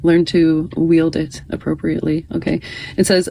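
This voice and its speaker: A woman's voice: low-pitched, little pitch movement, moderate pace, vocal fry, mellow, low-quality recording. A woman in her thirties giving a casual, chatty tarot reading, often reading card text aloud.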